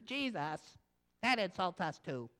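A man's voice: sits high, big pitch swings, measured pace, pushed and bright, heavily acted. A man putting on a whiny offended lawyer.

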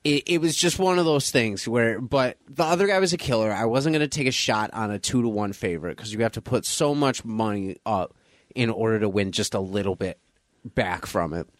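A man co-hosting a podcast in casual chat, telling a story with animated energy and acting out his friends' voices. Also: lowish voice, moderate pace, dry recording, clean studio sound. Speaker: podcast co-host.

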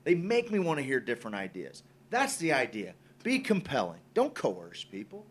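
Casting: a podcast co-host, a man with a lively, rising-and-falling delivery. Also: medium pitch, moderate pace, slightly rough. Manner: expressive, profane, emphatic. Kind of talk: casual conversation.

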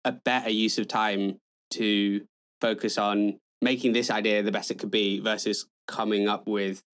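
A man's voice: fairly low pitch, little pitch movement, normal speed, fairly bright tone. A man hosting a podcast interview, asking casual, rambling questions and swearing now and then. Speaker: podcast host.

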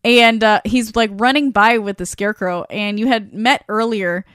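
A woman's voice: mid-range voice, steady tone, normal speed, a bit bright, smooth, no room sound, studio quality. A woman chatting casually on a podcast, recapping a show with laughter, swearing and acted-out quotes. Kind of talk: casual chat.

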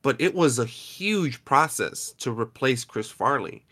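A man's voice: mid-range voice, expressive, unhurried, fairly bright tone. A man hosting a casual podcast chat, talking in a chatty, rambling way with frequent restarts. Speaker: podcast host.

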